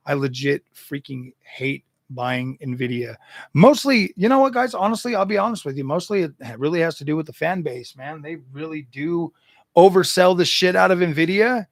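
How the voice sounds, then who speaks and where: A man hosts a tech channel in a casual, animated rant, stammering and doubling back on his words. His voice is a touch high with a gravelly edge. The sound is dry and close. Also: normal speed, dry recording. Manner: animated, exasperated, stammers and repeats himself. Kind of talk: casual livestream chat.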